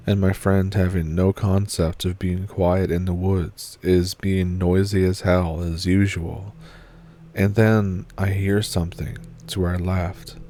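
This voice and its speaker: A man narrating a first-person horror encounter story in a steady, measured read. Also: low voice, slight background noise.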